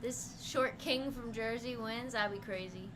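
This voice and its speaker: A woman chatting on a livestream in a slightly high voice, blunt and teasing. Clear noise sits under the stream audio. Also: unhurried. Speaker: livestream co-host. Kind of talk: casual livestream chat.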